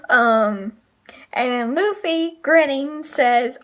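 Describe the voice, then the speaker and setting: A woman casually recapping comic chapters, pausing often with fillers. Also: high-pitched. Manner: hesitant, frequent filler pauses. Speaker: manga reviewer.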